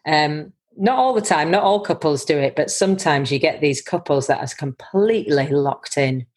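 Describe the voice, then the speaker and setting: A woman midwife giving an earnest, reflective account of her work, often pausing to search for words. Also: low-pitched, expressive, darkish tone, slightly rough.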